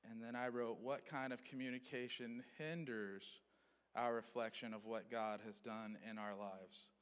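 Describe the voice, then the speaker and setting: A man's voice: mid-range voice, steady tone, unhurried, a bit bright. Male Bible teacher, casual lesson style, echoing hall sound. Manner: conversational, checks in with listeners.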